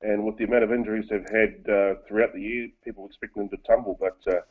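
A man's voice: fairly low pitch, flat delivery, quick pace. A man calling in to a sports talk show to give blunt, joking opinions on rugby league. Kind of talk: sports commentary chat. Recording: tinny phone line.

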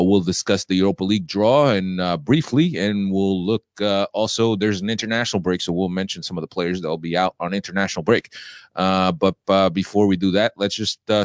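A man in his forties, hoarse from a cold, hosting a casual sports podcast with lots of halting fillers. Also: sits low, dry recording, clean studio sound. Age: 40s. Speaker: podcast host.

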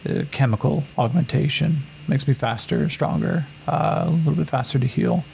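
A man's voice: fairly high pitch, moderate pace, creaky, darkish tone, slight background noise, poor audio. A man playing a wry, weary augmented fighter. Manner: casual, self-deprecating, swears.

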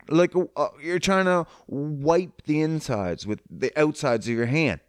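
Speaking unhurriedly with few pauses, a man with a fairly high, smooth voice jokes crudely about fitness and diet on a dry recording. It's a rambling, profane, casual monologue in which he acts out both sides of conversations, quoting the other people.

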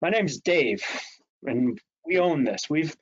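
This is a gruff old rural landowner who guards his land, put on by a man telling a story. He drawls in a slightly raised voice and sounds plain and blunt. The audio is dull and a little lo-fi. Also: fairly high pitch, expressive, takes it slowly, full character voice. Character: gruff older male landowner, territorial.

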